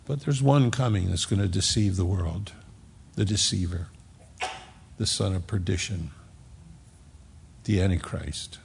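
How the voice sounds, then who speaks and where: Male pastor giving a sermon, emphatic, rising loud then dropping hushed, voice gravelly, in a church hall with long reverb. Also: low-pitched, measured pace, long pauses, slight background noise. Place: church sanctuary.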